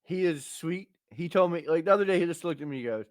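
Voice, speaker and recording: A man's voice: on the high side, animated, quick pace, no room sound. Man in his thirties telling crude stories, dry sound. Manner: crude, storytelling with punchy asides. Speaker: podcast host. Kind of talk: casual chat.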